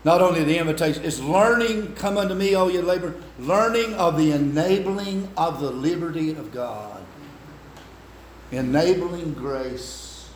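Older guy preaching, high voice, yells then goes quiet, super echoey room, mic far off. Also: lively intonation, unhurried, slight background noise. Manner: swings from shouted to hushed. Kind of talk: sermon.

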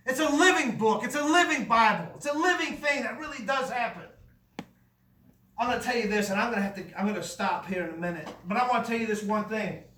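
A man's voice: extremely high pitch, fast, pushed and bright, roomy sound, recorded from a distance. A man preaching a fervent, emphatic sermon in a church, telling his own testimony with repeated phrases.

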